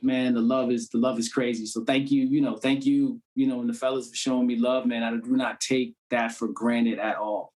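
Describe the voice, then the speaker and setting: A man's voice: mid-range voice, level tone, normal speed, few pauses, a little mellow. A man from the Cambridge area, a guest actor in a casual conversation, talking loosely with many "you know what I'm saying" fillers. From Cambridge, Massachusetts.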